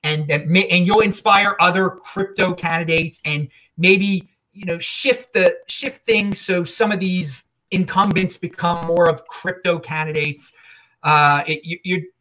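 A man's voice: sits high, pushed and bright, rough recording. A man hosting a casual interview show, asking questions with frequent stumbles and restarts. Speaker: show host.

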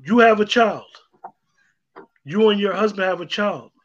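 A man's voice: sits high, a little slow. A man co-hosting a casual online discussion, talking emphatically and repeating himself for stress. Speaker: co-host. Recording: dull lo-fi sound.

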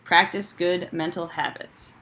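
A young woman co-hosting a casual chat, reading sports tips and talking in quick, giggly bursts through phone headphones. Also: on the low side, fairly even intonation, sharp tone.

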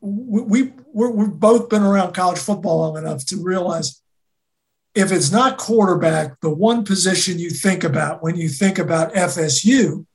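Sports talk co-host, gravelly voice, deliberate, halting restarts. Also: mid-range voice. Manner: deliberate, repeats words when starting. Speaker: co-host, college football analyst.

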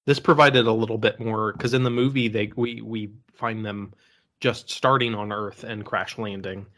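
A male podcast guest with a lowish voice, speaking in a relaxed, casual way. He recounts scenes in a loose, easy manner. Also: moderate pace. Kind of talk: casual chat.

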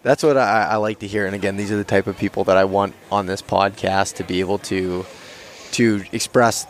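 Man, low voice, casual podcast host, rambling, faint ambient noise outdoors. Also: a little fast. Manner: relaxed, rambling with many fillers. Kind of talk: casual interview chat. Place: outdoor archery event.

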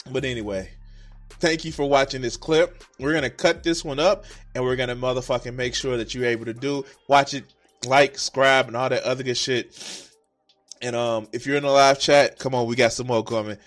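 A man's voice: medium pitch, fairly even intonation, normal speed, faint music behind. A man live-streaming his reactions, playful, teasing and profane.

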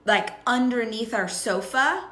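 A woman co-hosting a casual chat, telling a story in a chatty, lively way. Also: on the high side, unhurried. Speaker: podcast co-host. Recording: echoey room.

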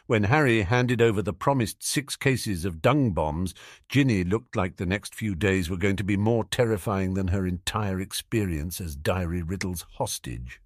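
A man narrating a fan-fiction audiobook in a wry, lively storytelling manner. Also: deep voice, moderate pace, dry recording. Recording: dry close recording with faint music.

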